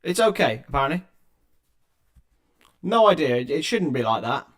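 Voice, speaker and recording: A man's voice: a little high, big pitch swings, normal speed. A young man hosting a livestream, giving running football play-by-play with chatty asides to viewers on a laptop's built-in microphone. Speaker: livestream watchalong host. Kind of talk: live football play-by-play commentary.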